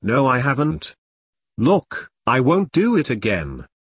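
Man reading as shy lonely soldier, quiet, apologetic, dry close sound. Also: mid-range voice, wildly swooping pitch, slow, breathy edge, no room sound, full character voice. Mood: sheepish.

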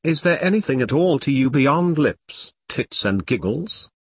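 A man's voice: medium pitch, big pitch swings, a little slow, slightly rough, dry recording, studio quality, full character voice. A man voicing a pompous, furious leader of a secret order who barks insults. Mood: raging. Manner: ranting, barking insults.

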